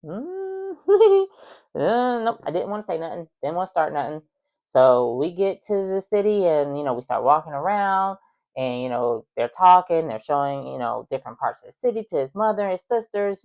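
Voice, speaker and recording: A woman's voice: deep voice, expressive, fairly quick, darkish tone, lo-fi sound. A woman host telling a personal story in a chatty way, full of fillers and exasperated asides. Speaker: podcast host.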